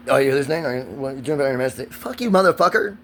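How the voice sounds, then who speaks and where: A man's voice: mid-range voice, fairly even intonation, racing, a little hiss or hum. A man, ranting in a profane, agitated and rambling vlog monologue recorded outdoors. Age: 40s.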